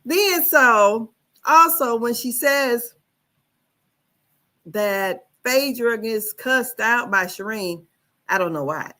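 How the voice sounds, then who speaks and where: A woman's voice: on the high side, expressive, slow, pauses often, pushed and bright. A woman hosting a casual gossip commentary, rambling and hesitant as she recaps reality-show drama. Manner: rambling, hesitant, many fillers and restarts. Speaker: gossip channel host.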